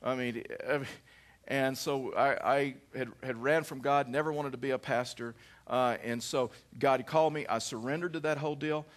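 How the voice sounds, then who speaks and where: A middle-aged male pastor preaching a sermon, telling a personal story in an animated way with frequent restarts. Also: medium pitch, moderate pace.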